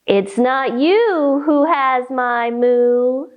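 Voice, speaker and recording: A woman voicing a gentle female farm cow who has lost her moo, in a slow, plaintive storybook voice. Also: high voice, dull audio.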